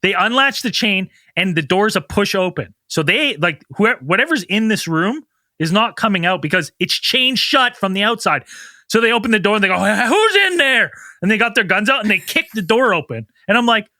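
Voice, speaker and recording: A man's voice: high voice, no echo, studio quality. A man co-hosting a comedy podcast, chatting casually and acting out scenes with swearing. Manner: animated, acts out scenes in quick bursts, swears. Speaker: podcast co-host.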